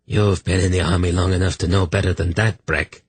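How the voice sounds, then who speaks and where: A man's voice: low-pitched, steady tone, fairly quick, slightly rough, no room sound. Man reading a jumpy rank-and-file soldier, wry and careful. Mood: wary. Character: nervous weary male soldier companion.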